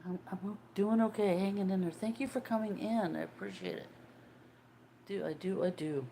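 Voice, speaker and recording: A woman's voice: mid-range voice, moderate pace, dark tone, slight background noise. A woman in her sixties hosting a casual livestream, chatting and greeting viewers' comments as they come in. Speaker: livestream host.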